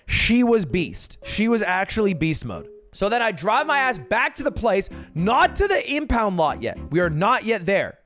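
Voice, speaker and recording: A man, a streamer, telling a story in an exasperated, profane way, casual and animated. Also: high voice, moderate pace, hardly any pauses, soft background music. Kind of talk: casual comedic storytelling rant.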